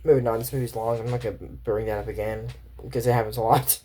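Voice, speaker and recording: A woman recapping a cartoon episode in a casual, rambling way, correcting herself as she goes and slipping into quick character voices. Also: rumbling low, steady tone, warm tone, husky. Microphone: camera mic.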